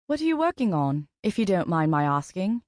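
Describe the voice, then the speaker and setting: A woman's voice: on the low side, very animated, a little fast, a little mellow, no echo, clean studio sound. A woman voicing a charming, clipped-accented flirt. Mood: teasing. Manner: teasing, smooth, calls her darling.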